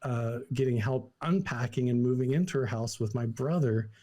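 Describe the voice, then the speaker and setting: A young man from Idaho, a podcast guest, telling a personal story in a casual, animated way, full of "like" and acted-out quotes. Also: medium pitch, normal speed. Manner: animated, lots of "like" fillers, acts out quotes.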